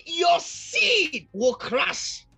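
A male pastor preaching a fervent sermon, repeatedly calling out to the congregation and swinging between shouting and near-quiet. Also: extremely high pitch, wildly swooping pitch, very slow, creaky, soft background music.

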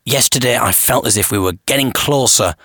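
A man's voice: mid-range voice, brisk, pushed and bright, dry recording, clean studio sound. A man narrating his own amateur investigation in first person, musing aloud with an inquisitive manner. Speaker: podcast host and investigator.

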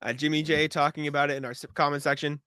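A man co-hosting a podcast in casual sports chat, rambling with restarts and clearing his throat, hiccuping. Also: fairly high pitch, little pitch movement, rapid-fire, bright, forceful tone, no echo, studio quality. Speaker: podcast co-host.

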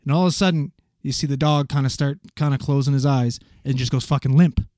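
A man casually telling a paramedic story, animated and swearing freely as he acts out the voices of the people in it. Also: medium pitch, fast, dry recording, studio quality.

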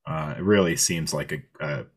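Very deep-voiced affable podcast host. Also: male voice, moderate pace, slightly rough. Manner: rambling, affable, many fillers. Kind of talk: casual interview chat.

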